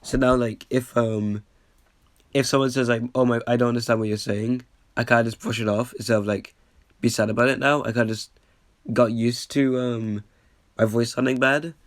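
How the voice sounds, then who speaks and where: A man's voice: mid-range voice, fairly even intonation, normal speed, no echo. A man who is a bit under the weather talks through his old video in loose, rambling commentary. He restarts sentences and keeps poking fun at himself. His mid-range voice sits in a dry, close recording with no room sound. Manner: rambling, lots of fillers and restarts, self-deprecating. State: a bit sick. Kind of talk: casual commentary.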